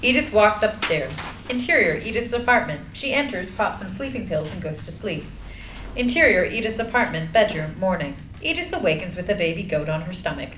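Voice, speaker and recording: Woman, narrator, screenplay reading, measured delivery, echoey room, faint noise. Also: mid-range voice, very animated, fairly bright tone. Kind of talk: reading screenplay action lines.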